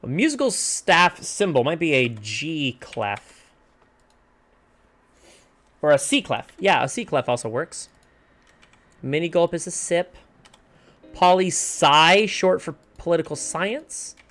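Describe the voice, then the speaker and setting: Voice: mid-range voice, big pitch swings, slow, long pauses, a bit bright. Streamer musing over word puzzles. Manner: muses over word clues, trails off with "I don't know". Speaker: livestreamer playing a puzzle game. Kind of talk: casual thinking aloud while solving puzzles.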